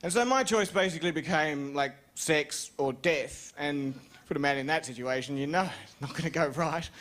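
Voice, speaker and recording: A man's voice: moderate pace, fairly bright tone. A young Australian man telling a rambling, self-mocking story on stage as a stand-up comedian. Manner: rambling, self-mocking storytelling with sudden high-pitched jumps.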